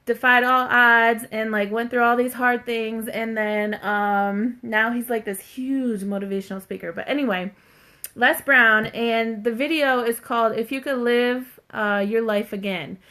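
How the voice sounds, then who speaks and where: A woman hosts a casual live stream from home, reading comments aloud and talking to viewers in a chatty, heartfelt way full of "like" and "you guys." Her voice is fairly high, pushed and bright, with fairly even intonation and an unhurried pace.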